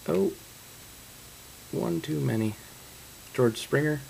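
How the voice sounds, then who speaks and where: A man's voice: fairly high pitch, lively intonation, slow, vocal fry, a little mellow, a little hiss or hum, rough recording. A man opening trading card boxes on camera, reading out card names and breaking into stunned exclamations. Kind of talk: casual card-break commentary.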